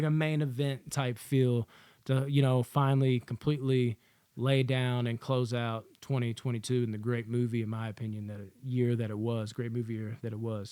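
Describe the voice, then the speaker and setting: A man's voice: mid-range voice, a little mellow, clean tone, dry recording. A man giving a casual, rambling movie review, swearing freely and filling his talk with "like" and "you know.". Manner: rambling, profane, candid, lots of fillers.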